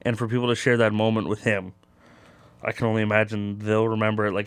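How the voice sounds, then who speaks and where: A man's voice: fairly low pitch, steady tone, quick pace, clean tone, dry recording. A young man hosting a casual sports talk show, rambling with lots of fillers. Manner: loose and rambling, many fillers.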